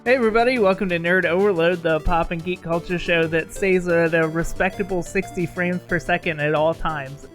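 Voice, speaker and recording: A man's voice: sits high, steady tone, brisk, few pauses, a bit bright, faint music behind. A man co-hosting a pop culture podcast, welcoming listeners with playful, wry jokes. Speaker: podcast co-host. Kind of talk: casual chat.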